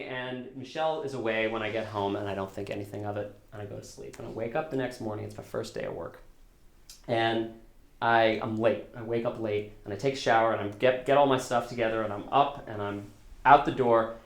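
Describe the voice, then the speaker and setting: A man with a steady, mid-range voice tells a true story live at a storytelling event, speaking briskly in an echoey room. He is chatty and self-deprecating and frequently starts his sentences over.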